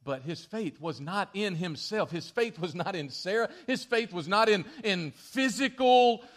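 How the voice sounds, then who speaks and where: A man preaching a sermon, telling the story with lively shifts in volume and acting out quoted lines. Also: high-pitched, measured pace. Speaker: pastor.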